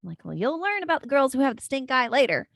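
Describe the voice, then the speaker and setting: A woman's voice: high voice, big pitch swings, quick pace, creaky, fairly bright tone, dry recording, studio quality. A woman, chatting casually as a podcast host and telling family stories with frequent laughter. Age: 40s. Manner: chatty and storytelling, laughing often. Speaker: podcast host, life coach. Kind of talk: casual solo podcast chat.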